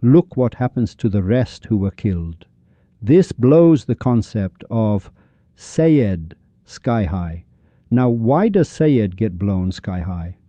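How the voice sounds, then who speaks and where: A religious teacher with a fairly low, dark, expressive voice speaks slowly, recorded dull, lo-fi and dry without echo. He lectures on poetry and scripture in an emphatic, dramatic way, addressing his listeners directly.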